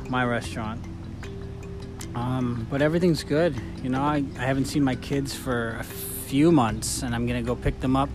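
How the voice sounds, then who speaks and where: Easygoing man with music behind. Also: medium pitch. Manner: easygoing, peppered with "you know". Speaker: podcast co-host. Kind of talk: casual podcast chat.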